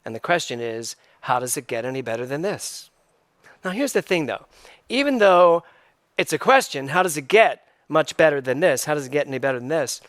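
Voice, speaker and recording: A man's voice: fairly high pitch, animated, brisk, fairly bright tone, dry recording, studio quality. A middle-aged man preaching a conversational, emphatic sermon as minister, repeating key phrases for effect.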